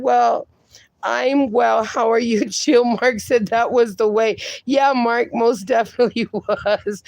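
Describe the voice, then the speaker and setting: A woman's voice: fairly high pitch, vocal fry, a little mellow, no room sound. A woman hosting a livestream, reading viewer comments aloud and chatting casually, laughing often. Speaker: livestream host reading chat. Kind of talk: casual chat.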